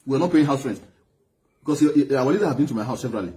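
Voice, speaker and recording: A man with a Nigerian accent, an Igbo speaker, telling stories to an audience in an animated way, often repeating words. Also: mid-range voice, rapid-fire. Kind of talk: storytelling speech.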